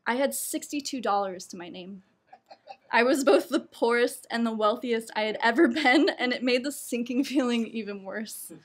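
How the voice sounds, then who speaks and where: Brief: young woman storyteller, fairly high voice, laughs through her lines, self-mocking and lively. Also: normal speed. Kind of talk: personal storytelling performance.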